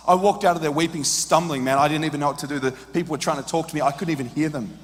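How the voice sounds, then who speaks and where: A man preaching a sermon, telling an emotional story that swings from hushed tones to shouts. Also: on the high side, fast talker, big-room sound.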